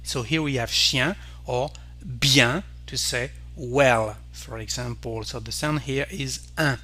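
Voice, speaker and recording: Slow, bright-voiced French teacher, a man. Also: medium pitch. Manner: slow, careful, repeats each word for the learner. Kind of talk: pronunciation lesson.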